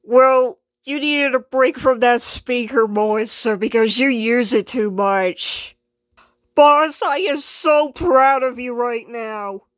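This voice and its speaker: A woman's voice: a little high, slow pace, no echo, clean studio sound. A woman voicing a sensible female washing machine in a homemade skit, sighing and sarcastic.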